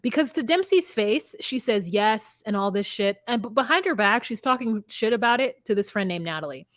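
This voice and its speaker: A woman co-hosting a casual recap chat, talking bluntly and profanely in an animated storytelling way. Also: on the high side, brisk, no echo, clean studio sound. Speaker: podcast co-host.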